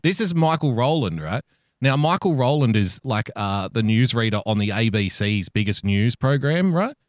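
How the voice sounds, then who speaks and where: A man's voice: mid-range voice, animated, normal speed, no room sound, studio quality. Sweary sarcastic man. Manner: sweary, sarcastic, laughing often. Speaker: podcast co-host. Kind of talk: casual chat.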